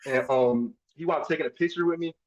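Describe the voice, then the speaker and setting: A man's voice: on the high side, fast talker. Young guy from jersey, laid back and hyped, kinda muffled lo-fi audio. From New Jersey. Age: young adult. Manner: easygoing, enthusiastic, informal. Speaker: college football player guest. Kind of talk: casual interview. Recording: dull lo-fi sound.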